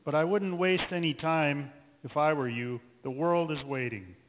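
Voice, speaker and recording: A woman voicing a gentle unseen divine voice that directs a play, soft and lower than her own, asking kind, probing questions, heard in an echoey church over a tinny line. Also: moderate pace, noisy background, lightly acted. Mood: warm, assuring.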